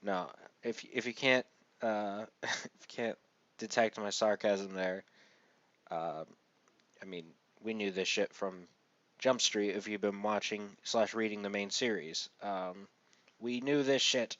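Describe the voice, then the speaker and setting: A man's voice: lowish voice, steady tone, a little slow, a bit bright, dry recording, dull audio. A man casually reviewing a manga chapter, rambling with many fillers and the occasional sarcastic aside.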